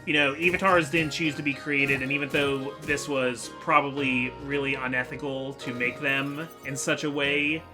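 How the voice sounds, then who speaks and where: A man's voice: medium pitch, little pitch movement, moderate pace, few pauses, music in the background. A man hosting a let's play, chatting casually and rambling with lots of fillers and restarts. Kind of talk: casual gameplay commentary.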